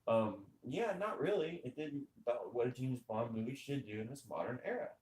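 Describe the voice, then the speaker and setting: Male podcast host, mid pitch, emphatic opinion talk, roomy echo. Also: a little fast, a little hiss or hum. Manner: animated, emphatic, rhetorical questions. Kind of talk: casual opinionated chat over gameplay. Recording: echoey room.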